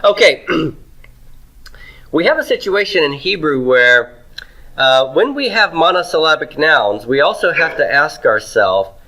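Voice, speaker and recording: A man's voice: a little high, big pitch swings, slow pace, bright, forceful tone, poor audio. A man teaching Hebrew grammar to a class. He writes on a board as he goes, asks students questions and keeps checking in with "okay?" and "right?". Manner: asks the class questions and answers them himself; writes on a board while he talks.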